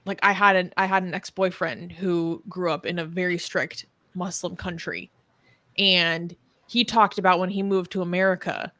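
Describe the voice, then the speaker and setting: A woman's voice: lowish voice, flat delivery, normal speed, bright, forceful tone, dry recording. A woman co-hosting a casual live-stream discussion, speaking earnestly and searching for her words. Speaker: co-host.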